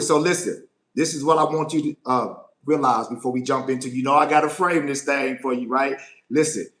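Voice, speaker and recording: Emphatic male life coach, echoey room. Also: a little high. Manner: emphatic, repeats phrases and asks "right?" often. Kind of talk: live motivational Q&A talk.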